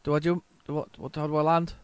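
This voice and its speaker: Man, gaming host, excitable commentary, self-mocking jokes, slightly high voice, very dry close sound. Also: fast, smooth, no echo. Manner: excitable, chatty, talks to viewers while playing; self-mocking, jokey asides. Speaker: retro gaming channel host. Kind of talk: casual gameplay commentary.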